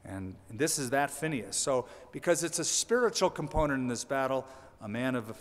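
A man's voice: medium pitch, animated, a little fast, long reverb tail. A male pastor preaching a sermon in a conversational way, with dry humorous asides.

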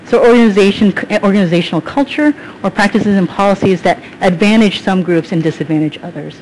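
A man speaking casually at a panel discussion, halting now and then with fillers and restarts. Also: high-pitched, darkish tone, slight background noise, rough recording. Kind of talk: discussion talk to an audience.

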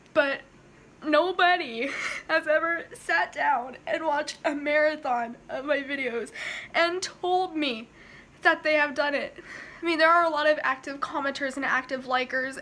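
A woman with a high, bright voice talks straight to her viewers while crying. She gushes thanks between teary laughs in a casual, heartfelt way. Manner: gushing, laughing through tears. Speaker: YouTuber. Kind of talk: tearful vlog to camera.

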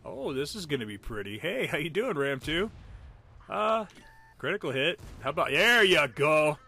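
An excitable man calls a friend's tank battle live, cheering hits and groaning at misses. His pitch leaps all over the place, and his tone is bright and forceful. He keeps teasing the player with playful asides. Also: moderate pace, creaky, breathy edge. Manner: excitable, joking, reacting loudly to hits and misses. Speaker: gameplay commentator.

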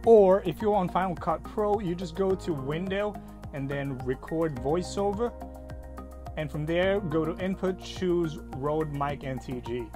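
A man casually testing and reviewing a microphone, talking in a plain, matter-of-fact way with small fillers. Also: a little high. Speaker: gear reviewer. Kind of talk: casual mic test and review. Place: outdoors, then indoors at a computer. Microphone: shifting between phone and shotgun mic at varying distances.

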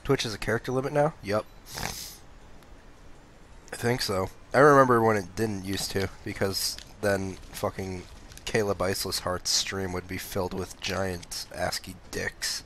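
A man's voice: deep voice, steady tone, unhurried, fairly bright tone, slight background noise. Sleepy, laid-back male streamer. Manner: laid-back, swears freely, answers chat. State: sleepy, phlegmy throat. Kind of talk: casual gaming stream chat.

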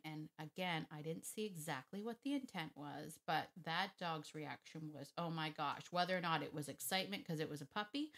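A woman's voice: on the low side, fairly bright tone. A woman dog trainer talking casually to camera, chatty and emphatic, often digressing.

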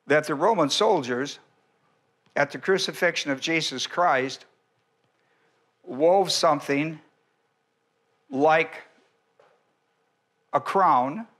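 A male pastor giving a verse-by-verse sermon, speaking deliberately, with frequent restarts and an occasional clearing of the throat. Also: medium pitch, a bit bright.

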